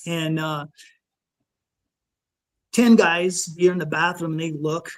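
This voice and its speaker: A man guest on a podcast, recounting a frightening personal encounter in a halting, emotional way, full of restarts and "you know". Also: a little high, little pitch movement. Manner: shaken, emotional retelling.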